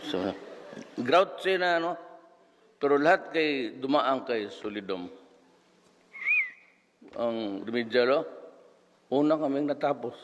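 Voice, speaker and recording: A man's voice: medium pitch, lively intonation, unhurried, pauses often, a little hiss or hum. A man in his seventies with a Filipino accent, telling rambling anecdotes and acting out voices, heard with a long hall reverb. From Philippines. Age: 70s. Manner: code-switching storyteller, acts out voices.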